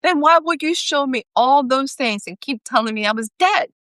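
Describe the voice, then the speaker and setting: A woman's voice: high-pitched, expressive, normal speed, a bit bright, no room sound, studio quality, pitched above the performer's own voice. A woman voicing an earnest young male soldier who pleads and bargains stubbornly, read aloud from her own story. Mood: pleading.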